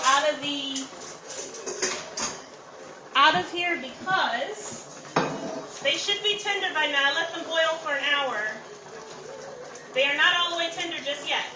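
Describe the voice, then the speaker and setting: A high-pitched woman hosts a live cooking stream, talking easily to her viewers while she works. She is recorded on a phone in an echoey kitchen, with steady background noise underneath. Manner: chatty, greets viewers by name while cooking. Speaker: cooking show host. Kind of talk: live cook-along chat.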